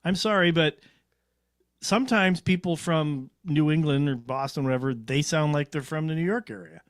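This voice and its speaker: A man's voice: a little high, moderate pace, dry recording. Chatty man on a dry mic. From Canada. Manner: chatty, rambling, self-correcting. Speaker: co-host. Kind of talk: casual livestream chat.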